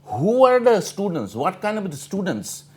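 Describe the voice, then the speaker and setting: Doc from on a tv panel, earnest, kinda high voice. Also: male voice, sing-song, normal speed, slightly rough. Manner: earnest, fillers like "you know", pressing his point. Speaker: doctor and panelist. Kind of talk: TV panel debate discussion.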